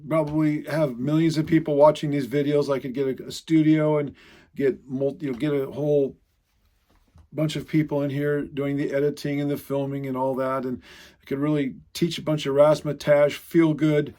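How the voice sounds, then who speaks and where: Guy doing a laid-back bible teaching video, kinda high voice, lots of uhs and ums, backs up and fixes himself. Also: flat delivery, normal speed, mellow. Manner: rambling, self-correcting, frequent filler sounds. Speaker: online congregation teacher.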